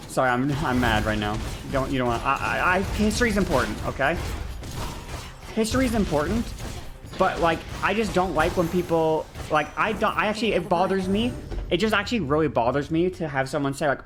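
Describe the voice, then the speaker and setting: A woman's voice: deep voice, animated, normal speed, a little hiss or hum. Woman streamer, casual gaming chat, swears constantly, rants and restarts her sentences. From not American. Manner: ranting, heavy swearing, frequent restarts.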